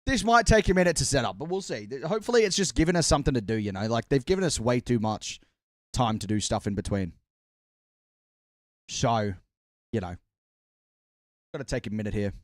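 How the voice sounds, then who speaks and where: A man hosting a live watch-party stream, chatting casually with his viewers while fiddling with setup, his voice worn out and hoarse. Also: mid-range voice, lively intonation, brisk, pauses often, dry recording, studio quality.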